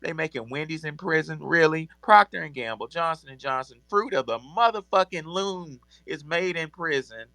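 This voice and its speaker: A man's voice: fairly high pitch, animated, normal speed, vocal fry, few pauses, bright, forceful tone, no room sound. A man hosting a podcast discussion, reading a book aloud with profane, incredulous asides. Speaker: host.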